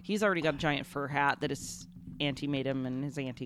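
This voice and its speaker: A woman's voice: rumbling low, fast talker, a little hiss or hum. A woman hosting a podcast, blunt and sarcastic in casual chat, sometimes dropping to a whisper. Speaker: podcast host.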